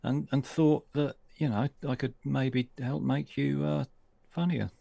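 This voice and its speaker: A man's voice: medium pitch, steady tone, a little slow, gravelly, dark tone, dry recording. A British man from the UK, a guest on a casual comedy podcast, joking in a dry, self-deprecating way.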